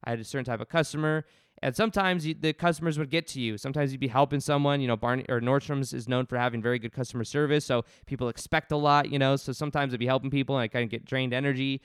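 A young man telling a personal story straight to camera in a loose, animated way, doubling back and adding asides as he goes. His voice is smooth and clear, and it sounds dry and close, with no room around it. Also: mid-range voice, racing, no room sound. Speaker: YouTube self-help creator. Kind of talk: casual to-camera talk.

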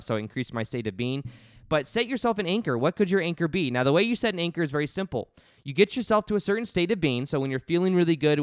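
A young man telling a personal story straight to camera in a loose, animated way, doubling back and adding asides as he goes. His voice is smooth and clear, and it sounds dry and close, with no room around it. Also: medium pitch, dry recording. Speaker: YouTube self-help creator. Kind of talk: casual to-camera talk.

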